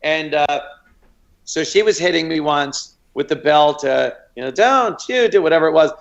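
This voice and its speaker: A man's voice: on the high side, steady tone, moderate pace, gravelly, dull audio. A man casually telling a funny childhood story, laughing through it.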